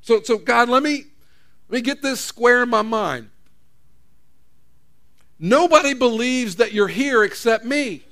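A preacher voicing a panicked, self-pitying male prophet on the run, complaining in rapid exasperated questions. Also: very high voice, lively intonation, fairly bright tone, voice pushed up, exaggerated voice.

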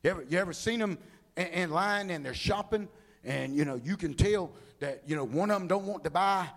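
A man preaching a humorous sermon, telling animated stories and acting out the people in them. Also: sits high, fairly quick. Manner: animated storytelling, acts out people.

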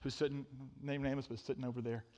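A middle-aged man preaching a sermon, telling a funny story with animated swings from loud to hushed. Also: mid-range voice, rapid-fire. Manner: animated storytelling, sudden drops to a hush. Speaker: pastor.

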